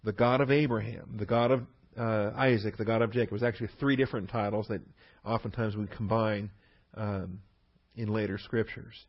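A man's voice: lowish voice, steady tone, a little fast. Guy doing a bible teaching, leans on key words, kinda muffled lo-fi sound. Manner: stresses key words, with fillers and restarts.

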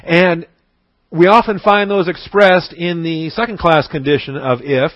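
A man's voice: fairly high pitch, steady tone, a little slow, fairly bright tone, no room sound, lo-fi sound. A man giving a conversational, emphatic sermon-style Bible lesson with frequent restarts. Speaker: Bible teacher.

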